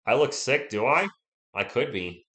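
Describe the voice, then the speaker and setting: This is a sick-sounding young man with a sore throat, hosting live play-by-play in an echoey room with slight background noise. His medium-pitched voice is expressive and measured. He keeps things quiet and chatty, answering viewers rather than yelling.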